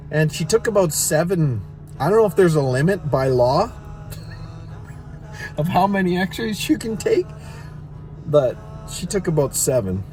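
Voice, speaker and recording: A man's voice: mid-range voice, dark tone. Rambling middle-aged man telling a story. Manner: rambling, self-mocking, chuckles at own jokes. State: in back pain. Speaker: vlogger and songwriter. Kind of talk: casual storytelling to viewers.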